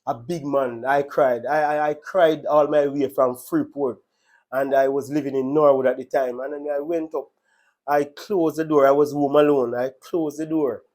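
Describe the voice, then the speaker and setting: A man's voice: a little high, fairly even intonation, normal speed, darkish tone. A man with a Jamaican accent telling his personal faith testimony in an earnest, emotional way, often repeating his words. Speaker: testimony speaker.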